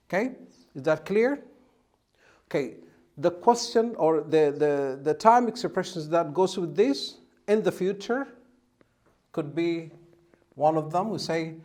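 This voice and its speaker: Slow, patient English teacher, higher voice. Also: male voice, animated, a little mellow. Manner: patient, repeats and spells out examples. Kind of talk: classroom-style grammar lesson.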